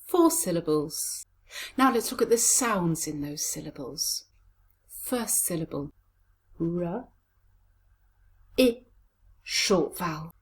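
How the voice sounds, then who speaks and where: A woman coaching pronunciation, breaking words into syllables and sounds and saying them slowly and deliberately. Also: on the low side, expressive. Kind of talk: pronunciation lesson.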